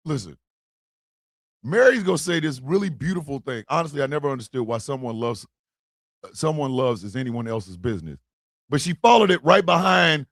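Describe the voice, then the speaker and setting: A man hosting a live streamed talk show, talking loudly and animatedly, often shouting and laughing. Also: a little high, very animated, moderate pace, gravelly, no room sound, studio quality.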